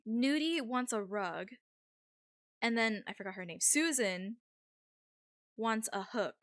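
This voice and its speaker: A young woman streams a detective game, chatting casually and laughing easily at what happens. Her voice sits fairly high, and she talks at an unhurried pace. The sound is dry and close to the mic. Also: animated, dry recording. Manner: giggly, easily amused. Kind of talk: casual gameplay commentary.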